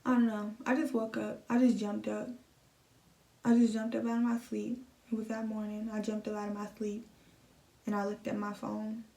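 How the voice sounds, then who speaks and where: A young woman vlogging a personal story into her phone, emotional and halting, often repeating herself. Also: mid-range voice, level tone, gravelly, mellow. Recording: echoey room, phone set at a distance.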